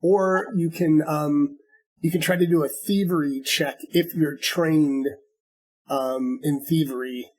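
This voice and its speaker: A man's voice: on the high side, steady tone, slow pace, darkish tone, breathy edge. A man narrating as game master, patiently explaining the rules step by step.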